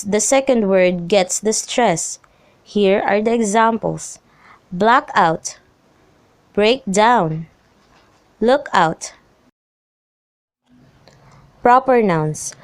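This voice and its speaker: A young woman reading a lesson script aloud, slowly and evenly, through rules and example phrases. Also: mid-range voice, a little mellow. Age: young adult. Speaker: student presenter.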